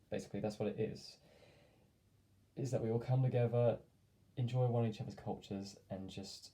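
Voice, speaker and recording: A man's voice: lowish voice, dark tone, poor audio. A man telling a casual story to camera, rambling with lots of fillers and friendly asides. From England. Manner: rambling, many fillers and hedges, friendly sign-off. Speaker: vlogger.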